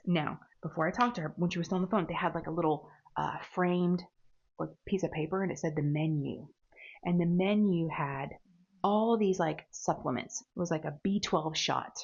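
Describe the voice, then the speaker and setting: A woman's voice: on the low side, brisk, darkish tone, breathy edge, highs cut off. A woman chatting casually while she crafts, rambling and laughing at herself. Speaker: diamond painting crafter.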